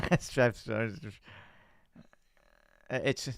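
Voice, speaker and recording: A man hosting a live football watch-along, giving chatty fan commentary, answering viewer chat and shouting out at big moments. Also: medium pitch, extremely slow, vocal fry, clean tone, no room sound, clean studio sound.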